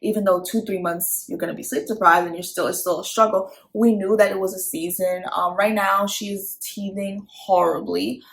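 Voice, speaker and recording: A woman's voice: medium pitch, normal speed, gravelly, few pauses, poor audio. A young woman, a mother and vlogger, giving casual parenting advice in a chatty way and acting out what her child might say. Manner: chatty, animated when quoting her child.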